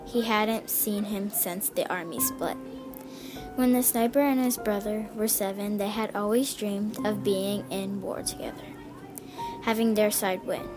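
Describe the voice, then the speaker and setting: A woman's voice: mid-range voice, fairly even intonation, a little slow. Woman reading a story over music. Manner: reads dialogue with small voice changes. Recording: music clearly heard behind.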